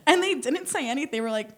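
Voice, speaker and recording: A young woman performing a stand-up comedy set on a theater stage, animated and laughing at her own jokes. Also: sits high.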